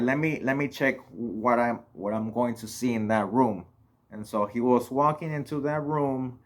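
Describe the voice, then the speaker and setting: Young man from Mexico, vlogger, loose filler-heavy storytelling, mid-pitched voice. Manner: rambling, heavy on "you know" and "like" fillers. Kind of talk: casual storytelling.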